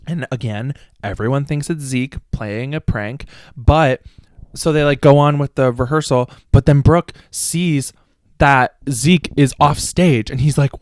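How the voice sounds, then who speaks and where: A man hosts a podcast, recapping a spooky children's book in a loose, rambling way. His voice sits a little high, and he swears and laughs at the plot as he goes. The sound is dry and close, with no room around it. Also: unhurried, dry recording. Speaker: podcast host.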